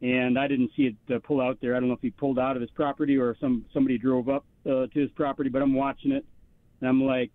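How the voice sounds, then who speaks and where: A man's voice: medium pitch, flat delivery, fast talker, no room sound. A man on a radio call-in show, telling a long story in a rambling way, full of fillers and restarts. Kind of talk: casual storytelling. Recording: tinny phone line, dry.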